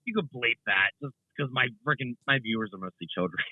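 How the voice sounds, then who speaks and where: A man's voice: mid-range voice, animated, brisk, slightly rough, dry recording. A young man, a guest content creator, chatting casually in an interview, rambling with many fillers and restarts over a remote call. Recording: tinny phone-like line.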